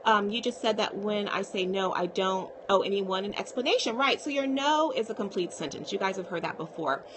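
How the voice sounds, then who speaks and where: A woman's voice: mid-range voice, a little fast, noisy background. A woman psychiatrist talking casually to viewers on a live stream, reassuring and often checking in with "okay?".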